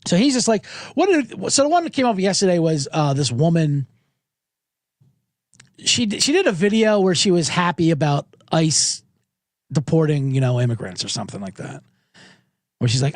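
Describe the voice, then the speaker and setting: A man's voice: fairly high pitch, big pitch swings, brisk, pauses often, no room sound. A man hosting a podcast, rambling through a casual, irreverent and profane monologue into a close studio microphone. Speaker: podcast host. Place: home studio with monitors.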